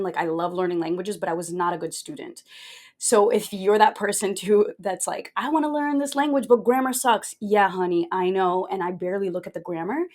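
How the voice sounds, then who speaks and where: A young adult woman from Brazil, a podcast guest telling her story in a candid, jokey, animated way. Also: medium pitch. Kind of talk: casual interview storytelling.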